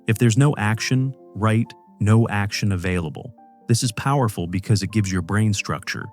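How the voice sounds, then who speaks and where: A man giving scripted psychology narration as a channel narrator, in a calm, measured and reassuring way. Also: lowish voice.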